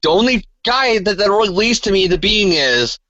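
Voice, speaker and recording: A man co-hosting a casual comic book chat, animated and emphatic as he speculates. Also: high-pitched, normal speed, no echo, highs cut off. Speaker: co-host.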